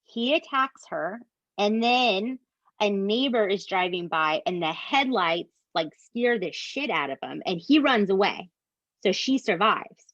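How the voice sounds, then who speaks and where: This podcast host has a mid-range voice and a slightly slow delivery. She chats casually about a true-crime case with her co-hosts, animated and swearing, adding emphatic asides, all captured on a dull, dry mic without echo.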